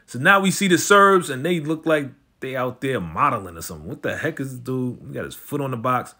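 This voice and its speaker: A man's voice: medium pitch, lively intonation, brisk, pushed and bright. A man casually recapping a TV episode in slangy talk, acting out the characters' lines as he goes.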